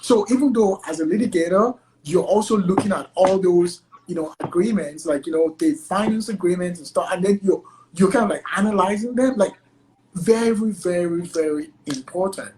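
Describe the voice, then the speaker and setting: A chatty man from Nigeria talks through his work as a guest attorney, peppering nearly every phrase with "like." His tone is loose and conversational, and he slips into lively voices when acting out exchanges. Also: high-pitched, normal speed, a little hiss or hum, low-quality recording. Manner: chatty, heavy use of "like" as filler. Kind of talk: casual conversational interview.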